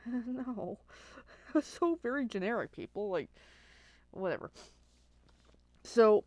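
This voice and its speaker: Chatty woman with a lively voice. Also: medium pitch, dry recording. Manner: chatty, lots of "like", animated quoting of herself. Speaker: card-making livestream host. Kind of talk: casual storytelling chat.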